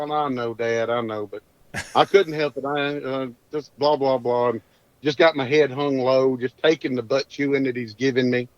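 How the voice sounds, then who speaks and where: A man's voice: medium pitch, steady tone, moderate pace, dry recording. A man, a podcast guest telling a hunting story in a folksy, rambling drawl. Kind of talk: casual storytelling. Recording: dull dry lo-fi audio.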